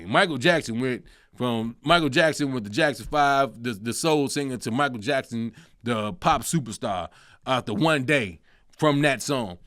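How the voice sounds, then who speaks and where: Animated man, high lively voice. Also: normal speed, smooth, no echo, clean studio sound. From Chicago. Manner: animated, sings snippets, breaks into laughs, profane. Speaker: host. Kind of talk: comedic solo talk show.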